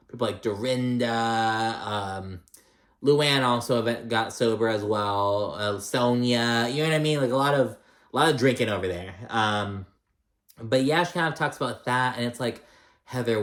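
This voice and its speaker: A man's voice: mid-range voice, echoey room. A man casually recapping a reality show, gossipy and full of fillers, acting out the cast's lines with sass. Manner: gossipy, filler-heavy, mimics cast with sassy quotes.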